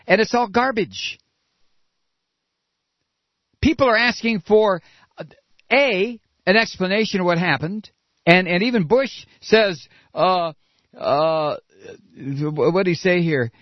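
A man's voice: high-pitched, slow pace, long pauses, dry recording. A man delivering an angry political rant, profane and sarcastic, with mocking asides. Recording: dull lo-fi recording.

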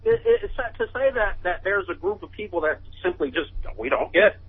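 Male caller, earnest and stammering, high and husky, tinny phone line. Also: wildly swooping pitch, a little fast. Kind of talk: phone-in call.

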